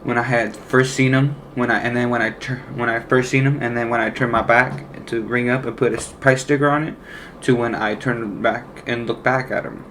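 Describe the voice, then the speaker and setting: A young man tells a story from his own life, in loose casual speech. He rambles, swears freely and leans on slang fillers, at an ordinary middle pitch. A faint hum of noise sits under his voice. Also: steady tone, moderate pace, fairly bright tone. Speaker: former deli worker telling a story.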